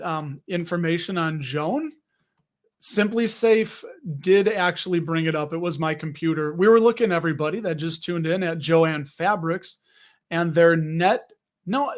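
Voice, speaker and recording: A high-voiced man hosts a casual livestream about dividend investing, reading viewer comments aloud. He's chatty, rambling, and jokey, full of fillers and often cutting himself off.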